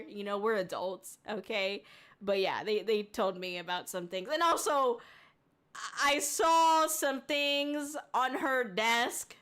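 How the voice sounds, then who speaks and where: A young woman streaming as a VTuber, chatting loosely with her audience and reading their messages aloud. She giggles a lot and rambles through fillers in a slightly high voice. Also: a bit bright. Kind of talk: casual livestream chat, reading chat aloud.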